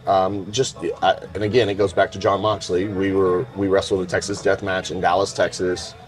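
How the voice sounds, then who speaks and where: A man in his forties, an interview guest, telling lively anecdotes in a casual way and acting out the quotes. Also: low voice, moderate pace. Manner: lively anecdotal storyteller, laughs and acts out quotes. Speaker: professional wrestler, interview guest. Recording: roomy echo.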